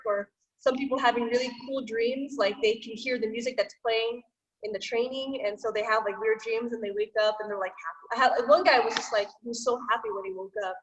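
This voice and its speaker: A woman's voice: fairly high pitch, fairly even intonation, quick pace, highs cut off. Woman, martial arts instructor, chatty, filler-heavy, echoey room, far from mic. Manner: chatty, full of fillers, acts out quotes. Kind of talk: online class instruction. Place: gym, over a video call.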